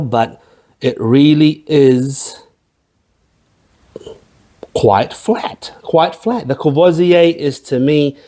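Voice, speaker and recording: A man's voice: fairly high pitch, warm tone. A man hosting a casual spirits tasting review, chatty and rambling, with jokey asides. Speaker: host of a spirits review channel.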